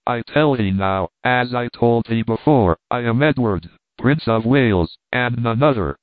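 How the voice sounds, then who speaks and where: A man's voice: medium pitch, measured pace, no echo, close to an everyday voice. A man voicing a proud, dignified boy prince who speaks in a formal, lofty way, with a tinny phone-like sound. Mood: indignant.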